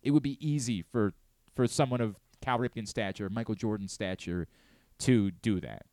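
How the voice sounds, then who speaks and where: A man's voice: lowish voice, moderate pace, warm tone, no echo. Earnest man hosting sports radio, dry close mic. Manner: earnest and candid, with many stammered restarts. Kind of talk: casual sports talk radio monologue. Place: radio studio. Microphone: close studio mic.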